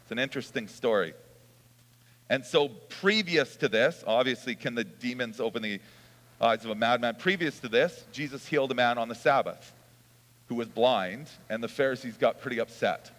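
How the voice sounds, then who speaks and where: A man giving a sermon, reading scripture and then retelling it in a relaxed, chatty way with chuckles and restarts. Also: mid-range voice, normal speed. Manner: casual storytelling with chuckles and restarts. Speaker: pastor. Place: church hall. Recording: long hall reverb.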